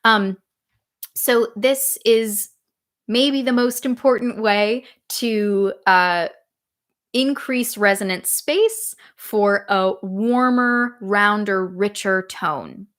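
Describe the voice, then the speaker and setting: A woman singing coach teaching a live online lesson in a relaxed, explaining way, breaking into sung vowels to demonstrate. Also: mid-range voice, drawn-out words.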